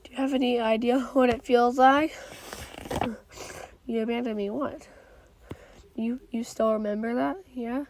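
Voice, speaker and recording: Woman reader, higher voice, slow and halting, performs all the story's parts. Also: fairly even intonation, noisy background. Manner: halting, with restarts and stumbles on words. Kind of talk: reading a comic story aloud, voicing all parts.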